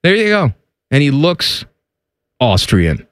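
A man's voice: medium pitch, wildly swooping pitch, slow, fairly bright tone, no room sound, clean studio sound. A man hosting a sports talk radio show, joking and teasing his co-hosts in casual banter.

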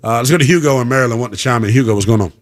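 A young man hosting a call-in sports radio show, ranting in a slangy, animated way. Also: mid-range voice, racing. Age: young adult.

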